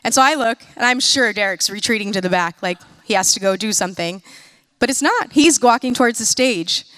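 A woman in her thirties with a fairly high voice tells lively, self-mocking stories in a sermon-style talk. She is from the United States. Her voice is close and dry. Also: no room sound. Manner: lively, self-mocking storytelling with quick asides. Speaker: speaker.

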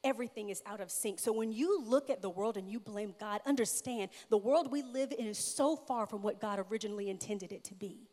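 A woman's voice: mid-range voice, fairly quick, hardly any pauses, mellow. A middle-aged woman giving an earnest, emphatic sermon-style testimony, repeating her key phrases. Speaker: speaker at a church. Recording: long hall reverb.

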